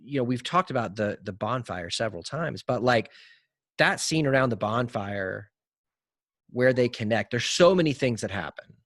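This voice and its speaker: A man's voice: mid-range voice, expressive, moderate pace, fairly bright tone, dry recording, clean studio sound. A young adult man hosting a podcast, earnestly retelling movie scenes in a casual conversational way. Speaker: podcast host.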